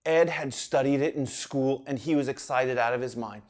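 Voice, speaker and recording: A man narrating a children's story in an animated, playful way. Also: mid-range voice, moderate pace.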